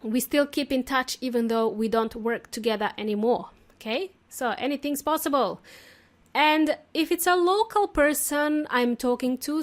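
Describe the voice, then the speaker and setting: A talkative woman with a slightly high voice, teaching English in a relaxed podcast style. She chats freely and laughs easily between points. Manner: chatty and talkative, laughs often. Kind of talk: casual podcast lesson. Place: lives in Australia.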